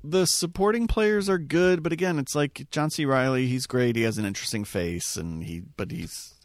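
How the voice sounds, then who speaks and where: A man's voice: mid-range voice, normal speed, no echo, clean studio sound. A man co-hosting a movie podcast, chatting casually in a sarcastic, joking way and swearing now and then. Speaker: podcast co-host. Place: at a table in a studio.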